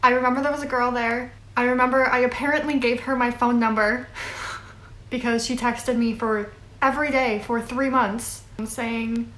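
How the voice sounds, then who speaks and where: A woman's voice: fairly high pitch, level tone, moderate pace, a bit bright. A young woman in her twenties telling a long story casually, rambling with fillers and little laughs. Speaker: vlogger. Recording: echoey room.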